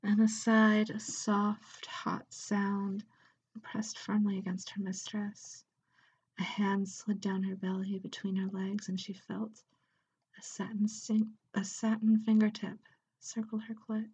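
A woman narrating an intimate audio story in a soft, breathy voice that drifts into whispers. She reads slowly and evenly, keeping her pitch level with little movement. The delivery is hushed and close throughout. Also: level tone, dull audio. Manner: soft, slow, often whispered.

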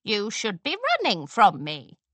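A woman doing a raspy ancient menacing mare. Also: mid-range voice, very animated, bright, forceful tone, no room sound, full character voice. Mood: unsure. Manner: slow, hesitant. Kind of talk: storybook character voice.

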